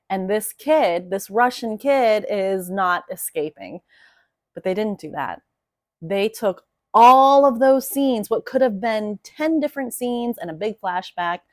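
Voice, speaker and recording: A young woman talking casually to camera as a writing coach, telling a story in a chatty, animated way with plenty of fillers. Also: mid-range voice, dry recording, studio quality.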